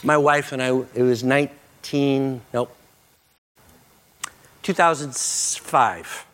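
Earnest middle-aged man preaching. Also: mid-range voice. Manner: earnest preaching that drops soft and slow for emphasis. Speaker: pastor. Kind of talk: sermon.

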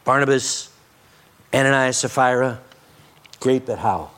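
A middle-aged man preaches a sermon with earnest conviction. He often drops his voice low and slows down to press a point home. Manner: earnest preaching that drops soft and slow for emphasis. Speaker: pastor.

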